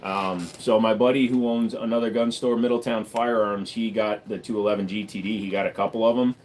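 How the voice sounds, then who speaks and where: A man's voice: on the low side, fairly even intonation, fairly quick, a little mellow, slight background noise. A man hosting a casual livestream, rambling and joking while he talks to his dog between topics. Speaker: livestream host.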